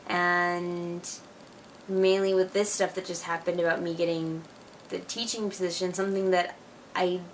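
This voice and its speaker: A woman's voice: on the low side, unhurried, distant mic, slight background noise. Chatty young woman vlogging from home. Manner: chatty and excitable, with lots of "like" and "you know". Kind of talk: casual video letter to a friend. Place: at home, alone.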